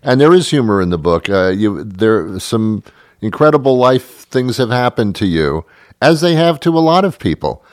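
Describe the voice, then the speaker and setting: A man hosting an interview, relaxed and encouraging with his guest. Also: on the low side, moderate pace, no echo. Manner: relaxed, encouraging, laughs easily. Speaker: interview host. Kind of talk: conversational interview.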